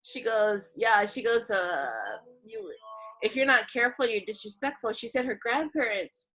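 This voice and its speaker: A woman from Hawaii tells stories in a relaxed interview, slipping into the voices of the people she quotes. Her voice sits a bit high, and she talks with plenty of life. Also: moderate pace, poor audio. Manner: animated, acts out quoted voices, laughs often. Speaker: tattoo artist, guest. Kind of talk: casual storytelling in an interview.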